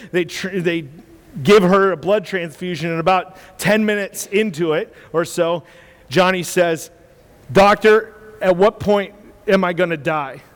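A man preaching a sermon who tells stories in an animated way and often restarts his sentences. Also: high voice. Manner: animated storytelling with many restarts. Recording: long hall reverb.

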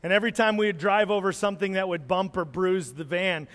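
High-voiced pastor telling a story. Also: male voice, a little fast, few pauses. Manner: animated storyteller, acts out moments. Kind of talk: sermon storytelling with slides. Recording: long hall reverb.

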